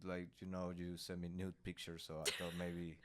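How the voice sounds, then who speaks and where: A man with a Spanish accent and a low voice hosts a loose conversation. He stumbles and repeats words, laughing easily. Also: completely flat delivery, moderate pace. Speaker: podcast host. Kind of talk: casual chat.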